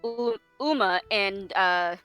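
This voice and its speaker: A woman narrating as game master in a tabletop game, halting and often correcting herself as she goes. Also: medium pitch, sharp tone, clear, resonant tone, soft background music. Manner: halting, full of ums and self-corrections.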